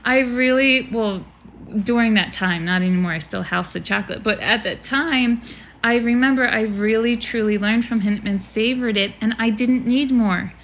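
A woman in her thirties chatting casually as a co-host, telling stories with animated energy. She acts out what others said as she goes. A faint noise floor sits under her voice. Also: fairly high pitch, normal speed. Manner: animated storyteller, acts out quotes with laughter. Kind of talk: casual chat.

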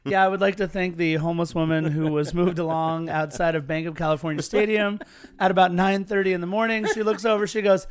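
A man's voice: high-pitched, fairly even intonation, fast talker, clean tone. A man co-hosting a casual sports podcast, telling stories in a chatty, earnest way. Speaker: podcast co-host.

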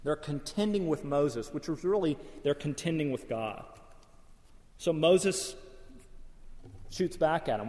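Male pastor, sermon, earnest questioning delivery, slightly high voice, reverberant church. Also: lively intonation, takes it slowly, pauses often, darkish tone. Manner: earnest, questioning, rising emphasis. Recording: long hall reverb.

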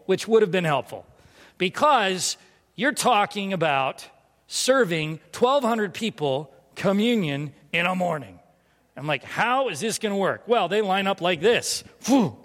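A man preaching a sermon through a lively personal story, self-mocking and laughing often. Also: high-pitched. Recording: long reverb of a large hall.

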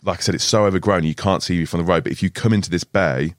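A man's voice: low voice, fast talker, no room sound, studio quality. A man, a carp angler guest on a podcast, telling a rambling story with frequent laughs and restarts. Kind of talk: casual storytelling chat. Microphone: studio podcast mic.

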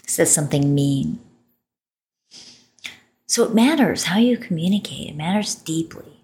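A woman's voice: deep voice, lively intonation, a little slow, darkish tone. A woman hosting a solo podcast, talking expressively and playfully and drawing out words for emphasis. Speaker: podcast host.

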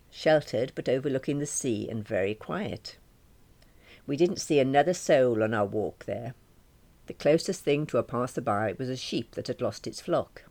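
A woman reading a first-person novel, chatty and wry, poking fun at herself. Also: rumbling low. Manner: wry, self-deprecating, chatty. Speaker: audiobook narrator.

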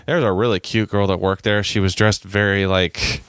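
A man's voice: on the low side, fairly even intonation, fairly quick, a bit bright, clean tone, no room sound, clean studio sound. A man telling rambling, self-mocking travel stories in a casual chat, acting out the people he quotes.

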